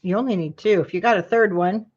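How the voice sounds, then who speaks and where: A woman's voice: mid-range voice, fast talker, darkish tone, husky, highs cut off. A woman hosting a live craft tutorial, chatting to her viewers while she works and yawning now and then. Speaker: craft class host.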